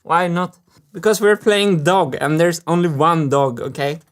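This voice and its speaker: Guy putting on little kid voices for machine parts, higher than his own, giggly. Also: measured pace, close to an everyday voice. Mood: playful. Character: childlike talking metal machine parts, playful.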